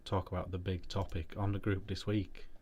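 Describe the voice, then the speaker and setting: A man's voice: deep voice, little pitch movement, normal speed, a little mellow. A British man co-hosting a casual chat, telling anecdotes in a dry, matter-of-fact way. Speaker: co-host.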